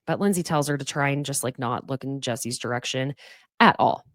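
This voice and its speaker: A woman's voice: a bass voice, normal speed, no echo, studio quality. A woman hosting a casual reality TV recap podcast, sarcastic and swearing freely as she mocks the cast. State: fighting off sneezes. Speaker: podcast host.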